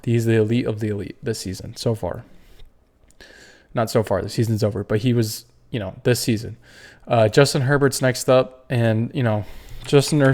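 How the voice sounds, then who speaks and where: A man's voice: medium pitch, a little mellow. A man hosting a casual sports tier-list video, ranting with strong opinions and the odd curse. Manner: opinionated, fired-up ranting with cursing. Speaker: podcast host.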